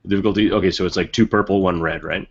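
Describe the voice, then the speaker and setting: A man's voice: sits low, fairly even intonation, rapid-fire, husky, highs cut off. A man playing a tabletop game, speaking bluntly and casually. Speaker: player.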